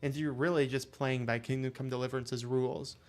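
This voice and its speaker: Casting: young guy streamer, loose rambly chat, mid-pitched, lots of fillers. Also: fairly even intonation, a little fast, a little mellow. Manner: rambling, filler-heavy, self-deprecating. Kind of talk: casual gameplay commentary.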